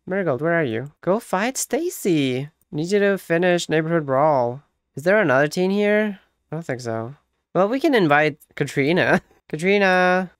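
A let's play host chats through a gameplay session, bossing the game characters around and laughing often. The voice is smooth and clean, captured dry and close on a home mic with no room sound. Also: mid-range voice, dry recording. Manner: chatty, giving orders to game characters. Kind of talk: casual gameplay commentary.

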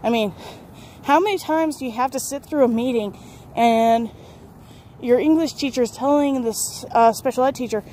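A woman's voice: a little high, moderate pace, mellow, a little hiss or hum. Candid woman telling a personal story. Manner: candid, rambling, laughs often, self-correcting. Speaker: vlogger.

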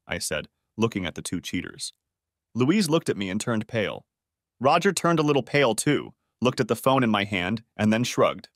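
Male narrator for a first-person drama story, animated delivery, close dry studio sound. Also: mid-range voice, a little fast, no echo.

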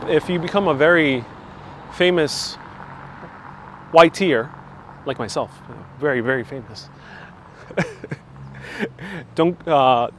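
A man's voice: on the high side, a little hiss or hum. Chatty man live-streaming a town walk. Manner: chatty, joking, reads out viewer comments and answers them. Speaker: travel vlogger hosting a live stream. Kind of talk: casual live-stream chat while walking. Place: outdoors on town streets. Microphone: wireless clip-on mic.

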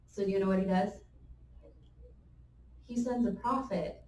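A woman giving a conversational sermon, telling the story in a lively way with laughing asides. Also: mid-range voice, unhurried, a little hiss or hum. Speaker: church speaker. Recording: echoey room, mic at a distance.

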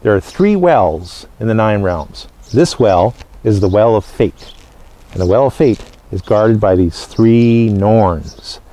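Low-voiced man explaining step by step. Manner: explanatory, steady, pausing between short phrases. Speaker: living history presenter. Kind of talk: casual educational talk.

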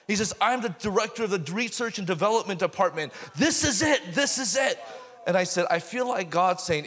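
Guy telling a revival story on a panel, bit high voice, gets loud and laughy, hall echo. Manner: animated storyteller, laughing and raising his voice at punchlines. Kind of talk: storytelling testimony in a panel discussion.

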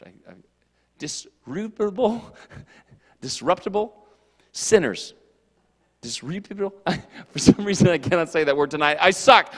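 High-voiced youth pastor in an echoing hall. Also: male voice. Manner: animated, jokey, puts on quick character voices. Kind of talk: casual youth sermon. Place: church hall. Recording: long hall reverb.

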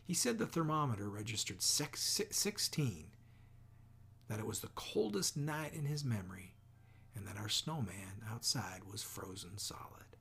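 A man reading a novel aloud as an audiobook, measured, often sinking to near whispers. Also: fairly low pitch, animated, gravelly, fairly bright tone, slightly rough. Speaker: audiobook reader. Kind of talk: audiobook narration.

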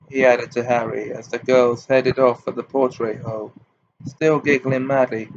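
A man narrating a fantasy audiobook in a steady reading voice. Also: medium pitch, normal speed, dull audio, a little hiss or hum. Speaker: amateur audiobook reader.

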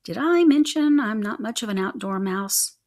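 A woman's voice: mid-range voice, animated, moderate pace, a little mellow, close to an everyday voice. A woman reading as a nervous fussy male mouse. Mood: fretful. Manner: stammering, whiny.

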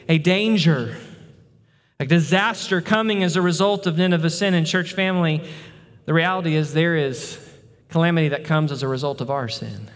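High-voiced male pastor preaching in a reverberant hall. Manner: emphatic preaching, repeats words for stress. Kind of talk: sermon. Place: church sanctuary.

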